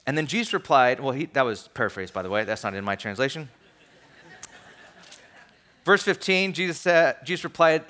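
A man preaching a sermon in a conversational, animated way, dropping to soft asides and rising to emphatic points. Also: mid-range voice, normal speed, pauses often. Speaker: pastor.

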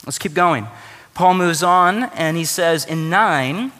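Man preaching, fairly high voice, bright and tense tone, long church-hall reverb, chatty with jokes. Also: takes it slowly. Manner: conversational, joking asides. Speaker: pastor. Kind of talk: sermon.

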